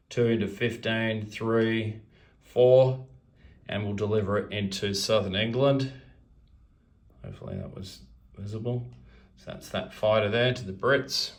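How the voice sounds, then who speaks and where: A man narrating his turn in a strategy board game, methodically counting units and pieces aloud as he moves them. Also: lowish voice.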